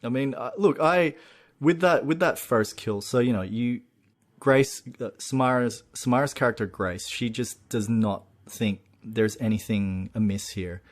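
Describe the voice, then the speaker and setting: A man co-hosting a casual film-review podcast, walking through the plot in long, winding, animated sentences. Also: mid-range voice, unhurried. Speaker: podcast co-host.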